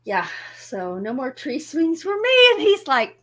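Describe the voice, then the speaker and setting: A woman with a bright, fairly high voice tells a story in a relaxed, unhurried way. She laughs often and pokes fun at herself while chatting with her audience. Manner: laughs often, animated and self-mocking. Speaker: music channel host. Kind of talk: casual storytelling to a live audience.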